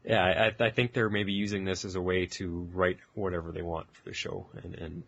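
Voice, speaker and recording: A man co-hosting a casual podcast, easygoing, asking questions and chiming in with quick agreement. His voice is very deep and slightly husky. The sound is dry and close. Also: little pitch movement, a bit bright, no echo, lo-fi sound. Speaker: podcast co-host. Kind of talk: casual chat.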